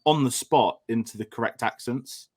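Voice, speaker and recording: A man's voice: medium pitch, moderate pace, a little mellow, slightly rough. An English man talks through a film in an easy, rambling way. He often restarts his sentences and piles on fillers as he works his way toward a point. His voice sits in a middle register. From England. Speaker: film discussion host. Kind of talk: casual film chat.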